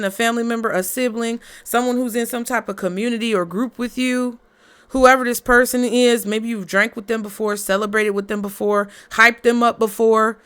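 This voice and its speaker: A woman's voice: on the high side, a bit bright, smooth. A woman giving a casual tarot reading in a blunt, profane, fired-up motivational way. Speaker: tarot reader.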